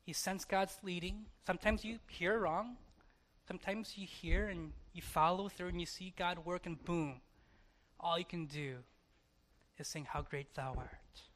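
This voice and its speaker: A pastor giving a personal testimony from the pulpit, with a bright, clear tone. The delivery is conversational. It often sinks to an intimate hush, then lifts into louder, laughing asides. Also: medium pitch.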